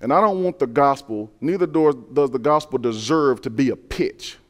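A man preaching a sermon in an earnest, conversational way, dropping to quiet asides and building to loud emphasis. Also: normal speed, in a large hall. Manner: earnest, swings between soft low asides and loud rising emphasis; conversational, uses everyday scenarios and repeats key phrases.

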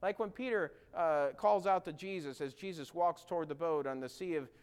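A male preacher delivers a sermon in a smooth, resonant voice that sits a little high for a man. He talks earnestly, puts questions straight to his listeners, and acts out quoted lines with mounting emphasis. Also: fairly quick, a little mellow.

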